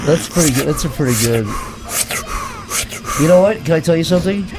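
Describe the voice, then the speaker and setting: A man's voice: a little high, expressive, fairly quick, background noise. A man co-hosting a comedy gaming show, rambling through goofy stories and tripping over his own words. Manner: rambling, stumbling restarts. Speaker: let's play co-host. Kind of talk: joking casual banter.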